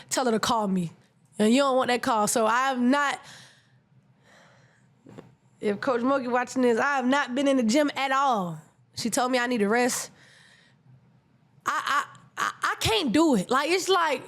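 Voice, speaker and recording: A young woman hosting her own podcast, talking in a casual, slangy way, often repeating and stuttering words as she rushes along. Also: high-pitched. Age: young adult. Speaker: podcast host and college basketball player.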